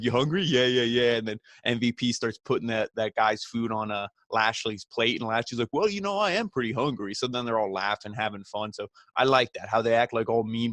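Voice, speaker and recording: A man talks through a wrestling episode in a loose, rambling recap, leaning on filler phrases and dropping casual swears. His voice sits at an ordinary middle pitch. The recording is close and dry, with no room sound. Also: fairly bright tone, dry recording. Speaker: wrestling show reviewer.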